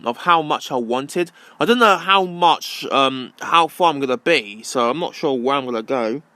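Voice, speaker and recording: A man's voice: on the high side, sharp tone, clear, resonant tone, no room sound. A young man ranting casually to camera, rambling and repeating himself with many ums. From London. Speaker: vlogger.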